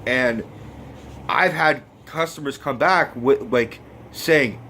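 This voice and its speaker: A man's voice: mid-range voice, slow, bright, forceful tone, a little hiss or hum. A man giving a casual, rambling film review, swearing freely and getting emotional. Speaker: movie review vlogger.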